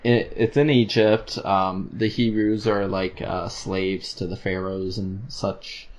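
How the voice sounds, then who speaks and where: A man's voice: low voice, flat delivery, slow. A man co-hosting a podcast, chatting casually about films with many fillers and restarts. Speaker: podcast co-host. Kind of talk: casual film review chat.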